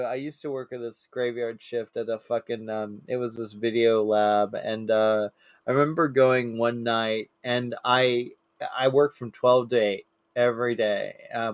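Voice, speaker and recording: A man on a podcast telling stories in a casual chat, swearing freely, his voice climbing when he acts out shouting people. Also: no room sound. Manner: swearing, animated storyteller, rises high when quoting angry people. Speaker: podcast co-host.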